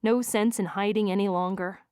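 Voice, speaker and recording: Expressive woman narrating a romance audiobook. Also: mid-range voice, normal speed, clean tone, no room sound, clean studio sound. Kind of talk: first-person romance narration.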